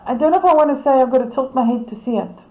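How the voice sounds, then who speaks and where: A woman's voice: high-pitched, very fast, warm tone, echoey room, lo-fi sound. A woman, casually commenting on club photos as she reads out titles and names, amused and laughing often. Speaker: camera club presenter.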